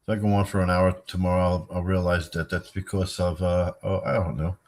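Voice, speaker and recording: A man's voice: low voice, little pitch movement, fairly quick, darkish tone, a little hiss or hum. A tired older man hosting a rambling, profane late-night livestream, chatting loosely with his viewers and yawning. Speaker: livestream host.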